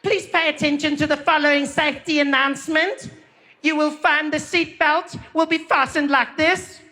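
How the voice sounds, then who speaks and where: Man doing a high prim stewardess, slow formal intercom voice. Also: steady tone, sharp tone. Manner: slow, overly formal announcing. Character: prim female flight attendant on intercom.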